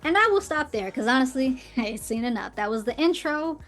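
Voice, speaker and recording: A woman's voice: sits high, animated, brisk, a bit bright, faint music behind. A woman hosting her own podcast, reading quotes aloud and answering them with sarcastic, emphatic commentary and laughs. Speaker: podcast host.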